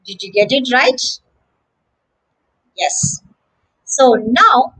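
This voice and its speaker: Female teacher for a kids' pronunciation lesson: animated, sing-song delivery, breaks words into syllables. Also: sits high, poor audio. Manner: syllable-by-syllable, encouraging, addresses children. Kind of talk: slow drilled pronunciation lesson.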